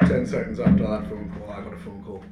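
A man's voice: fairly low pitch, level tone, quick pace. A young man co-hosting a podcast, laid-back with dry quips. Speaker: podcast co-host. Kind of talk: casual chat. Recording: echoey room with faint noise.

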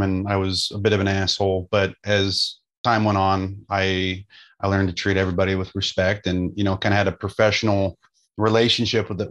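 A man who works as a jail deputy, talking bluntly and casually about the job in a podcast chat. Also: low voice.

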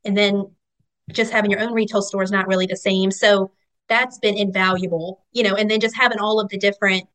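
A woman's voice: medium pitch, steady tone, brisk, fairly bright tone, low-quality recording. Casual female guest: shop owner, rambling chatter with many fillers. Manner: chatty, rambling, lots of fillers like "you know". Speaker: guest, vendor market owner. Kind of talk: casual interview chat.

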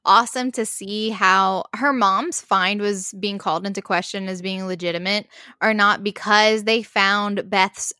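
Bright-voiced chatty woman. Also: mid-range voice, fairly even intonation, a little slow, dry recording, clean studio sound. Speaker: podcast co-host. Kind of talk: casual book chat.

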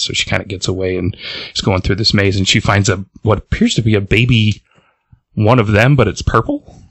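A man's voice: fairly low pitch, a little fast, creaky, a bit bright, slightly rough, no echo. A man cohosting a podcast, casually recapping a comic plot, rambling with fillers and chuckles.

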